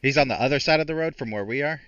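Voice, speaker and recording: A man's voice: mid-range voice, very fast, fairly bright tone, clean tone, no echo. A man playing a tabletop game, talking in a blunt, wry way. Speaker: player. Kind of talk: tabletop role-play. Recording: dull, distant mic.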